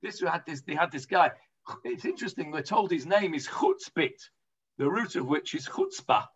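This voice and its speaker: A man's voice: fairly high pitch, lively intonation, moderate pace, breathy edge. English guy teaching talmud, chatty, lots of ums, kinda muffled lo-fi sound. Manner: chatty explaining, lots of hesitations. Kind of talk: informal Talmud class.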